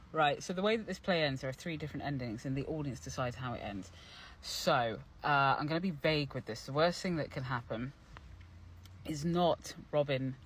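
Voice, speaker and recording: This young actor-playwright talks loosely through the making of his character, lively and talkative, stumbling over fillers and restarts. His pitch is fairly high, with a little background noise.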